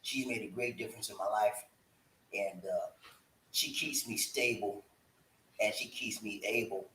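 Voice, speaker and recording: A man's voice: fairly low pitch, steady tone, a little slow, pushed and bright, roomy sound, slight background noise, low-quality recording. A man hosting a casual live stream, playful and talkative, hyping his viewers with slangy call-and-response chants. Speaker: livestream host. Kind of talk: casual livestream chat.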